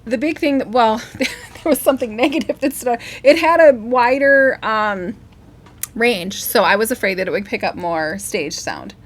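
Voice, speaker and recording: A woman's voice: on the high side, moderate pace. A woman co-hosting a casual live stream, telling rambling stories and laughing often. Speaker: co-host, singer.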